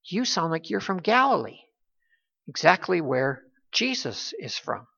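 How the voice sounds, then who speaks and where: A man's voice: on the high side, very animated, a little slow, creaky, sharp tone, husky, in a large hall, highs cut off, pitched above the performer's own voice, exaggerated voice. A man voicing a suspicious bystander who questions someone pointedly, in a sermon retelling. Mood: accusing. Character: suspicious male bystander, accusing.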